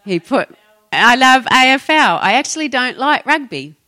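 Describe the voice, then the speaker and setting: Middle-aged New Zealand woman pastor, bright tone, chatty and giggly podcast delivery. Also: sits high, expressive, normal speed. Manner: chatty, laughs often, trails off mid-sentence. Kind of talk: casual Christian podcast talk.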